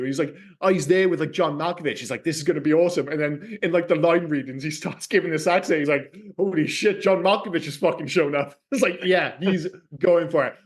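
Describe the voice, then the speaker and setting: A man co-hosting a casual film podcast, talking in an animated, rambling way and swearing freely. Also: on the high side. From Scotland. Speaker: podcast co-host.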